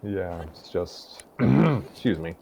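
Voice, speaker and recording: Low-voiced man narrating a fan story. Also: slow, gravelly, lo-fi sound, slight background noise. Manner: relaxed, chatty, with fillers. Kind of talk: casual fan fiction narration.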